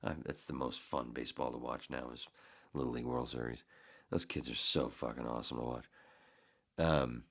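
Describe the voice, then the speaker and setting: A man's voice: rumbling low, steady tone, moderate pace, gravelly, a bit bright. A man in his fifties, a podcast host, telling a story in a casual, heated and profane way. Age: 50s.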